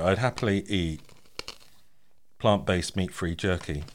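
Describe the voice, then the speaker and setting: A man's voice: lowish voice, unhurried, a little hiss or hum. A man hosting a podcast in casual chat, chatty and laughing often. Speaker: podcast host.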